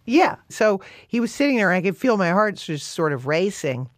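A woman telling a story as a guest in an interview, chatty and animated. Her voice sits at a middle pitch and the sound is dry and close. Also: moderate pace, dry recording. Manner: animated and chatty, with many fillers. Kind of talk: casual storytelling.

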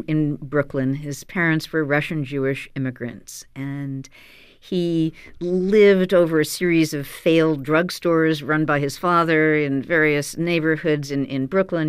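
A woman author being interviewed in a radio studio, telling stories in an animated way with frequent fillers. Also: deep voice, clear, resonant tone, no echo. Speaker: author guest.

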